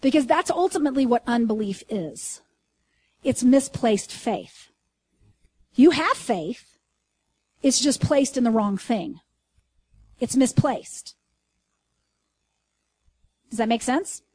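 A woman teaching a sermon in an earnest, conversational way, asking her listeners questions and reading scripture slowly with emphasis. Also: fairly high pitch, animated, a little mellow, slightly rough. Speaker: Bible teacher.

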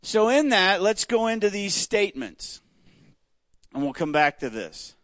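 In a church room, a man leads a Bible study at an unhurried, conversational pace, often pausing to pose questions to the group and stressing key words. His voice sits high and sounds sing-song and a bit bright. The recording is close and dry with no echo, and the talk is interactive church teaching.

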